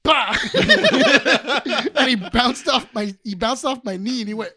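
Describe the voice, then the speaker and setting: A young adult man co-hosting a casual podcast chat, telling stories in an animated way, acting out what others said and laughing often. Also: very high voice, takes it slowly, a little hiss or hum. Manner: animated storytelling, acts out quotes, laughs often. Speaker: podcast co-host.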